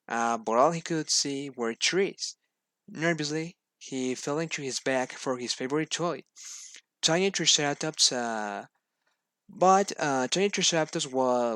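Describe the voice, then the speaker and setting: A man's voice: mid-range voice, fairly bright tone, no room sound. A student, a man, reading a children's storybook aloud for class, hesitant, with many fillers and restarts.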